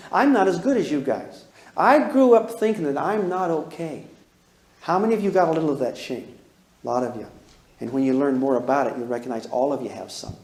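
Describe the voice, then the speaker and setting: A man with a fairly high voice lectures to a live class on parenting. He speaks emphatically, draws on his own life and keeps asking the room direct questions. His voice carries a noticeable echo from the room. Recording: echoey room.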